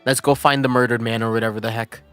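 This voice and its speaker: A man's voice: mid-range voice, flat delivery, fast, a bit bright, soft background music. A young man streaming a game, chatting casually and joking with frequent laughs. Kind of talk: casual gaming commentary.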